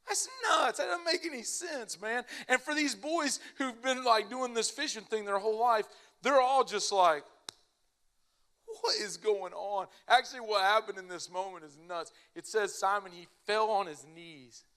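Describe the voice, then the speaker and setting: A young male preacher delivers a loose, conversational sermon. His voice sits a little high for a man, and he talks animatedly, sprinkling in "like" as he tells his stories. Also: moderate pace, hardly any pauses. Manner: animated, casual storytelling with lots of "like".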